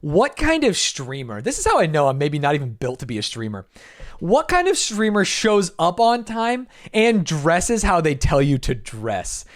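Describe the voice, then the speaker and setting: A young man, a streamer, telling a story in an animated, self-mocking way while reacting to a video, with plenty of swearing. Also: on the high side, moderate pace.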